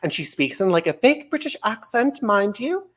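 A man's voice: high-pitched, sing-song, normal speed, fairly bright tone. A young man co-hosting a casual podcast chat, playful, laughing often and acting out quotes. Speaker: podcast co-host.

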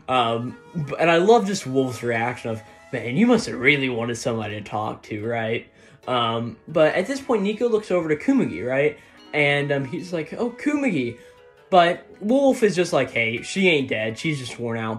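A man casually recapping and reviewing manga chapters, rambling with lots of "like" and tag questions of "right?". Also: mid-range voice.

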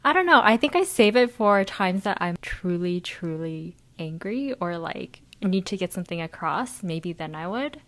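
Young woman cohost, kinda low voice, hesitant and giggly. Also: big pitch swings, moderate pace, hardly any pauses. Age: young adult. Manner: soft-spoken, hesitant, giggly. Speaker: podcast co-host. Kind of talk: casual podcast chat.

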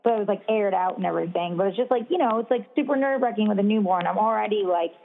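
A woman's voice: mid-range voice, very fast, gravelly. A young woman and new mother chatting casually, rambling and swearing freely, with lots of "like". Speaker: podcast co-host, new mother. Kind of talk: casual chat. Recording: phone-like narrow sound.

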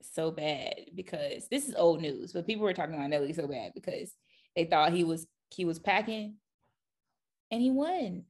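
A woman's voice: fairly low pitch, moderate pace. A woman co-hosting a podcast in casual chat, telling stories with lots of laughter. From American South. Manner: animated, laughing storyteller. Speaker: podcast co-host.

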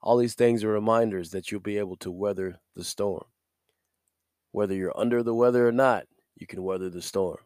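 A man's voice: on the low side, fairly even intonation, normal speed, a little mellow, no room sound, clean studio sound. Upbeat male podcast host with a cold. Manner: upbeat and preachy, laughs between points. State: recovering from a cold. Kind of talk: short devotional podcast.

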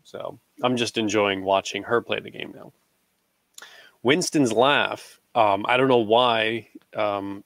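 A man in his thirties talks in a relaxed, rambling way, full of fillers and restarts. His voice has a gravelly, fried edge. The recording is dry and close, with no room sound. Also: lowish voice, no echo. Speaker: podcast co-host. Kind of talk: casual chat.

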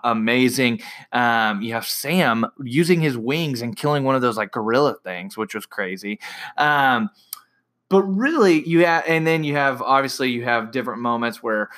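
Excited young man, bright voice. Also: mid-range voice. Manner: excited, rambling with many fillers and restarts. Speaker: movie reviewer. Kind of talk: casual movie recap.

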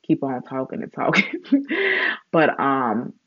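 A woman speaking in a casual spiritual vlog, rambling with many fillers and restarts, and getting animated as she retells a story. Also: a bass voice, takes it slowly, husky, dry recording, highs cut off.

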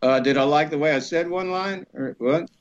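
A middle-aged man with a fairly high voice tells stories in a relaxed chat, acting out everyone he quotes. He laughs often as he talks. The sound is muffled and lo-fi. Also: normal speed. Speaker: actor guest. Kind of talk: casual storytelling interview. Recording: dull lo-fi podcast audio.

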